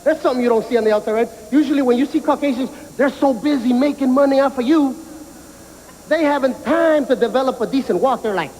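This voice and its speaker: A man doing stand-up comedy, telling animated stories and mimicking people. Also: extremely high pitch, quick pace, in a large hall. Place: prison yard. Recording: noisy outdoor recording.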